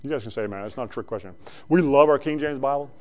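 A male preacher giving a conversational sermon that swings between loud bursts and quiet asides. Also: mid-range voice, fast talker.

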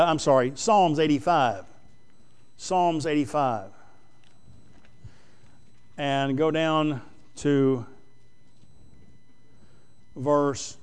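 Male preacher, slightly high, smooth and resonant, halting plain-spoken sermon delivery. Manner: plain-spoken, reads scripture aloud, many pauses and fillers. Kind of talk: sermon, Bible exposition.

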